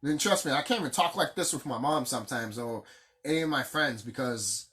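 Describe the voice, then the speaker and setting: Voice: medium pitch, a little fast, a bit bright. A vlogger ranting off the cuff, heated and profane, repeating phrases for emphasis. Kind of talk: casual unscripted rant.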